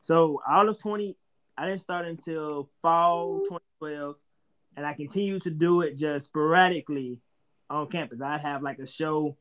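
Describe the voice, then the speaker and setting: Animated, swearing man, higher voice. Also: normal speed, clear, resonant tone. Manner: animated, profane storytelling. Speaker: stand-up comedian, podcast guest. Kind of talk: casual storytelling chat.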